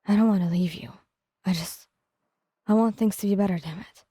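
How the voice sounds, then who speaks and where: A woman's voice: mid-range voice, moderate pace, mellow, breathy edge, dry recording, lightly acted. A woman voicing a hot-tempered young man who scolds his girlfriend in a harsh, cursing way. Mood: gruff, softer.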